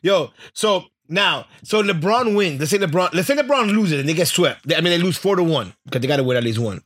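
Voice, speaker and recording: High husky guy chatting and teasing, dry close sound, voice bounces around. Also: animated, a little fast, fairly bright tone, no echo. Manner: laid-back, teasing, laughs often. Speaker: podcast co-host. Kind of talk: casual chat.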